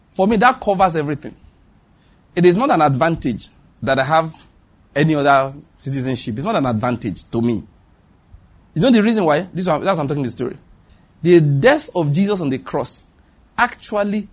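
Husky Nigerian preacher, emphatic. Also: male voice, fairly high pitch. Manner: emphatic, repeats lines for stress, calls on the congregation. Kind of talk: sermon.

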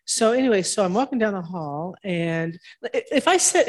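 A woman's voice: medium pitch, moderate pace, hardly any pauses. A woman on a panel, a staff member at a Baptist senior home, talking at length and telling stories with energy. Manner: talkative, animated storyteller. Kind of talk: panel interview.

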